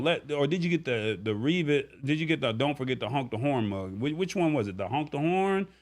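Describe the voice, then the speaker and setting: Laid-back man hosting a tech livestream. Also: a little high. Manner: relaxed, chatty, thanks viewers by name. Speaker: tech show host. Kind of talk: casual livestream chat.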